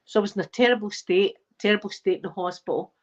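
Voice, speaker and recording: A woman's voice: mid-range voice, quick pace, muffled recording. A Scottish woman in her forties, host of a live stream, chatting casually and telling rambling stories with the odd swear word. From Scotland. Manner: rambling, animated storytelling with swearing. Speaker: ASMR livestream host.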